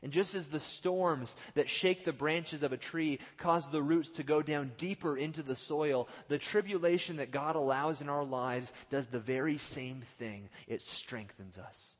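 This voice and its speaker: A male pastor preaching a sermon, swinging from loud outbursts to hushed, drawn-out lines and acting out the quotes. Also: on the high side. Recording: long hall reverb.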